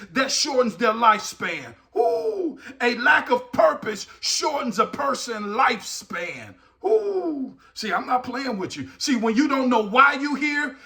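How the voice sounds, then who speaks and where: A man giving an energetic motivational talk as host, full of punchy exclamations and call-outs. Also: very high-pitched. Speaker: motivational speaker.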